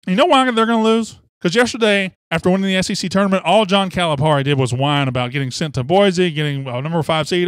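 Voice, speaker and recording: A man's voice: fairly high pitch, fast, a bit bright, dry recording, clean studio sound. A man hosting sports talk radio, fired up and opinionated, rambling from one take to the next.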